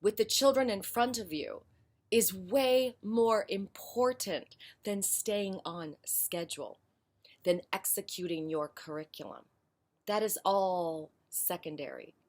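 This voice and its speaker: A woman's voice: medium pitch, slow, a little mellow. A woman early childhood educator talking to fellow teachers in a frank, passionate and emphatic way. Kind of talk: casual spoken commentary.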